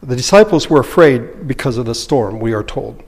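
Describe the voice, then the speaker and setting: A man's voice: medium pitch, lively intonation, moderate pace, slightly rough, long reverb tail. A man preaching a sermon as a pastor, earnest and explanatory, often asking rhetorical questions.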